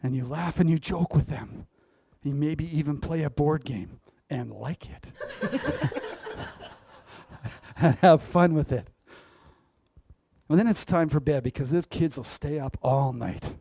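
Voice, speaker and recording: A man's voice: fairly high pitch, takes it slowly, creaky, long pauses, warm tone, breathy edge, no room sound. A man giving a motivational stage talk, speaking straight to the audience and laughing at his own jokes. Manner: addresses the audience directly. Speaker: public speaker.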